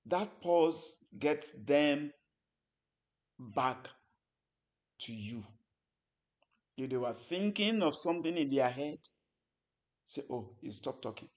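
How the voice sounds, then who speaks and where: Male instructor, unhurried lecture delivery, measured pauses, mid-pitched voice. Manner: deliberate, pausing between phrases. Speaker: public speaking instructor.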